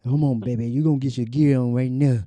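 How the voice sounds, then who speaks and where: A man doing an impression of a booming, hyped-up male wrestling booker who drawls a loud pep talk. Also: fairly even intonation, quick pace, no echo, lightly acted.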